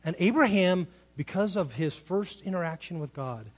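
Man, sermon, chatty preaching, rhetorical questions, slightly high voice. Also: animated, moderate pace. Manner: conversational, rhetorical questions, acts out quoted speech. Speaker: pastor.

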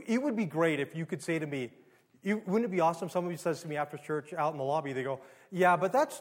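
High-voiced man preaching in a conversational way. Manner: conversational preaching with rhetorical questions and sudden rises in volume. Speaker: pastor. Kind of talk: sermon.

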